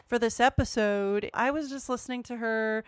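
A woman's voice: a little high, steady tone, normal speed, clear, resonant tone, dry recording. A woman co-hosting a podcast, talking casually and thoughtfully about a song and how it is sung. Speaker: podcast co-host. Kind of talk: casual chat about music.

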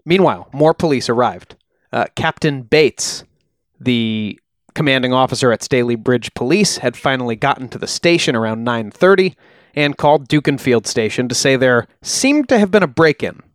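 A man co-hosting a podcast, recounting a true-crime case in a relaxed, chatty way with frequent ums. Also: mid-range voice, moderate pace, no echo, studio quality. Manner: relaxed, uses fillers like uh and um. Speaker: podcast co-host. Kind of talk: casual true-crime storytelling.

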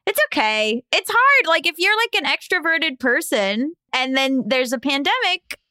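High, bright-voiced woman co-hosting a chatty podcast. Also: sing-song, normal speed, no echo. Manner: chatty storyteller, laughs often. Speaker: podcast co-host. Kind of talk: casual chat.

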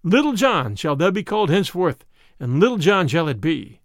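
Man doing a jolly outlaw chief, merry, old-timey phrasing, pretty lively pitch. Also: normal speed, no room sound, studio quality. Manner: old-fashioned formal speech. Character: jolly outlaw leader, good-humored man.

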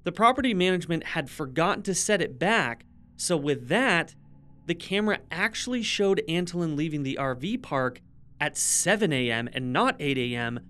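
A man's voice: fairly high pitch, expressive, moderate pace, a bit bright. A man co-hosting a true-crime podcast, chatting easily and narrating the case. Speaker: podcast co-host.

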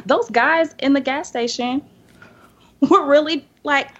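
A woman from the Southern United States telling a personal story in a casual podcast roundtable. She acts out the people in her story with lively voices. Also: sits high, unhurried. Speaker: podcast panelist. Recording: dull lo-fi podcast audio.

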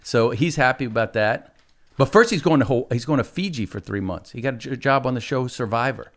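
A middle-aged man chatting casually as a guest, telling meandering stories. His voice sits at an ordinary pitch, and he laughs often. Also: brisk. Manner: rambling storyteller, laughs often. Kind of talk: casual chat.

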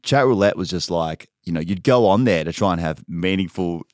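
A man's voice: deep voice, fairly quick, darkish tone, no echo, clean studio sound. A man with an Australian accent hosting a podcast in casual, rambling, jokey chat, swearing freely. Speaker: podcast host. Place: studio.

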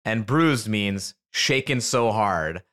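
A man's voice: fairly low pitch, takes it slowly. A man in casual comedic conversation, telling stories with lots of profanity and swings of energy. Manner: animated storytelling with profanity.

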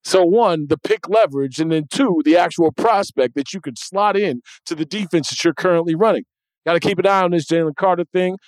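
A man hosting a sports podcast, talking in a casual, animated way with emphatic restarts. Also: high-pitched, a little fast, no echo. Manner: animated, emphatic, repeats words when he restarts. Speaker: podcast host.

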